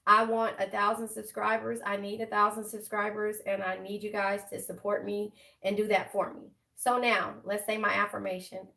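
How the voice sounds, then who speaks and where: Gravelly, chatty woman tarot reader. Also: mid-range voice, little pitch movement, moderate pace, few pauses, sharp tone, distant mic. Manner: chatty, affectionate, emotional. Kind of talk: casual tarot reading to viewers.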